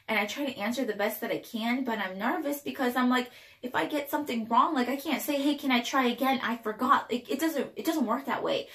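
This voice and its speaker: A woman's voice: on the high side, fairly bright tone. Tearful woman telling her story, echoey room. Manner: emotional, tearful, halting with restarts. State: crying. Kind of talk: personal storytelling to camera.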